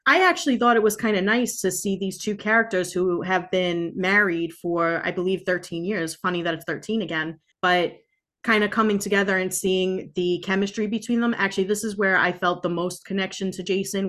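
A woman co-hosting a book podcast, talking in a thoughtful, measured casual way with hesitant restarts. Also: mid-range voice, steady tone, fairly bright tone. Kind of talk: casual chat.

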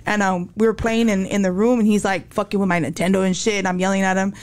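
Fast-talking candid woman storyteller. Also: medium pitch, level tone, a little mellow. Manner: candid, slangy, acts out quotes in raised voice. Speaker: podcast guest. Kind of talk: casual storytelling interview.

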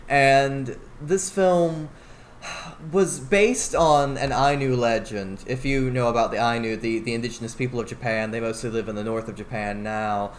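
A man's voice: medium pitch, fairly even intonation, moderate pace, a little hiss or hum. Chatty male podcast co-host. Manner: enthusiastic, rambling with fillers. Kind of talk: casual podcast discussion.

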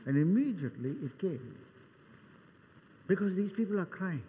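An older man preaching a sermon as pastor, dramatic, acting out Bible scenes with voices and swinging between loud and soft. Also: high voice, big pitch swings, normal speed, narrow, tinny audio, slight background noise. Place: church hall. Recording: long church reverb.

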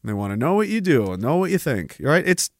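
A man's voice: mid-range voice, very animated, a little fast, no echo, clean studio sound. A man, hosting a podcast in a profane, sarcastic ranting monologue. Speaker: podcast host.

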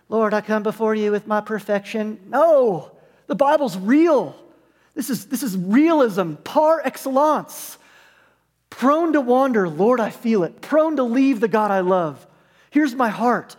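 High-voiced pastor preaching in a reverberant hall. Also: male voice. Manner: conversational, humorous asides. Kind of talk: sermon. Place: church sanctuary.

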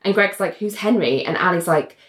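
A woman co-hosting a casual chat, animatedly recapping a TV episode and acting out the characters' lines in quick voices. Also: on the low side, roomy sound. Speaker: podcast co-host recapping a TV episode.

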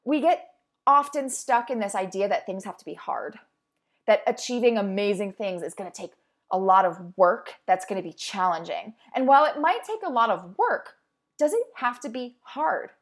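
Here a fitness instructor and host, a young adult woman, talks at a moderate pace in a medium-pitched, lively voice. It's a motivational monologue, conversational, upbeat and encouraging, where she performs little inner voices.

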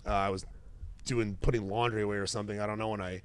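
Lively middle-aged man telling fight stories. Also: fairly low pitch, fast, smooth. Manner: animated storyteller, acts out quoted voices. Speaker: host, retired fighter. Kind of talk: casual interview chat.

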